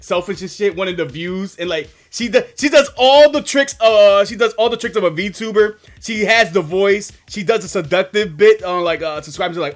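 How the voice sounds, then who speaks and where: A man streaming a video game, chatting casually with rambling, profane jokes. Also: high-pitched. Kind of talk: casual let's-play chat.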